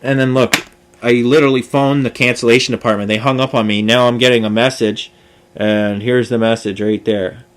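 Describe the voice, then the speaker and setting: A man's voice: medium pitch, steady tone, fairly quick. A man venting to camera in a rambling vlog rant, talking in long run-on sentences with lots of filler phrases. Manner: frustrated, run-on storytelling full of filler phrases. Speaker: vlogger.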